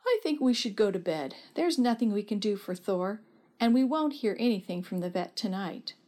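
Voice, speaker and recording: A cheerful, level-headed father speaks calmly and thoughtfully to his family, as a woman reads his lines. The storybook dad keeps an easy, reassuring tone. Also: medium pitch, moderate pace, close to an everyday voice. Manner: calm, thoughtful. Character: jolly, steady family father.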